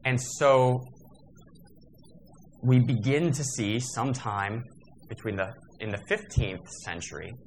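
A man's voice: mid-range voice, slow, pauses often, soft background music, poor audio. Man lecturing on verse, many restarts. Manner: thoughtful, with frequent restarts and fillers. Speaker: teacher of poetry. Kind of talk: lecture to teachers.

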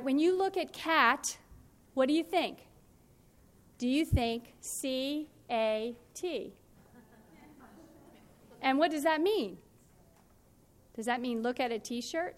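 A woman teaching a phonics and spelling workshop, explaining in a clear, patient, instructive way. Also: high voice.

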